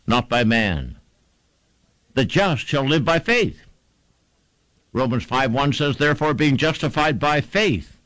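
A man's voice: medium pitch, a bit bright, dry recording, poor audio. A man preaching a sermon, fervent and emphatic, building repeated phrases to a climax.

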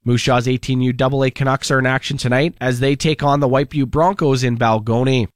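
A man reading local news and sports for a radio station in a steady, scripted way. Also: mid-range voice, no room sound, clean studio sound. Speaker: radio newsreader. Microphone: studio mic.

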